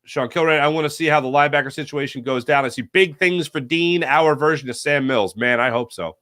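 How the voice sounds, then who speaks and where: A man hosts a loose sports talk stream, working through viewer comments with rambling, jokey asides and quick self-corrections. His voice sits a little higher than most men's. The sound is dry and close, with no room around it. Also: bright, forceful tone, no echo. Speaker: sports talk show host. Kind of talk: casual live-stream chat reading viewer comments.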